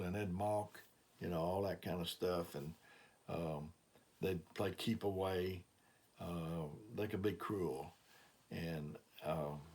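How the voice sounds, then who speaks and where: Older southern guy from alabama preaching, real low voice, folksy story-style with lots of uh's. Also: a little mellow. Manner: plain folksy storytelling, frequent "uh" fillers. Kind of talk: testimony sermon.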